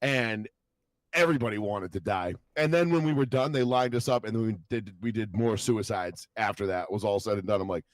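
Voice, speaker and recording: A young man co-hosting a podcast, rambling through stories in casual chat, swearing a lot and acting out what people said in lively voices. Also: lowish voice, a little fast, dry recording. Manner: rambling storytelling, heavy swearing, animated quoted voices. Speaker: podcast co-host.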